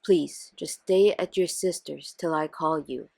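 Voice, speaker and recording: A woman voicing a betrayed husband in a scripted text-story reading, firm and measured. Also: sits low, creaky, warm tone, no echo, pitched below the performer's own voice, exaggerated voice. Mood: stern. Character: stern, betrayed husband and father.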